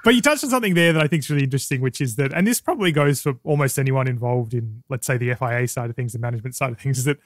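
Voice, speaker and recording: A man's voice: medium pitch, rapid-fire, few pauses, dry recording, studio quality. A man hosting a podcast, asking long, winding questions in a casual interview. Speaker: podcast host.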